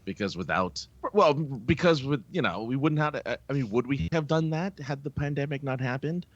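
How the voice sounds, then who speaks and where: Animated, laughing man on a podcast. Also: mid-range voice, moderate pace, no echo, dull audio. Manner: animated, laughs often, lots of fillers. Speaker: podcast co-host. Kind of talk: casual chat.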